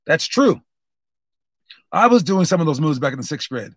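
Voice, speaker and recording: A man's voice: a little high, very animated, moderate pace, no room sound, clean studio sound. A young man coaching basketball drills in a casual, rambling, upbeat way, full of fillers and restarts. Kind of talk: casual instructional talk.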